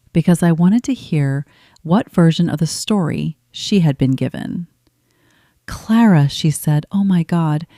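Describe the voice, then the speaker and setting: Woman in her twenties, story narration, low dark voice, slow and measured, dry close sound. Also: no echo. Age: 20s. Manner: calm, measured, restrained. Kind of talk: scripted first-person story narration.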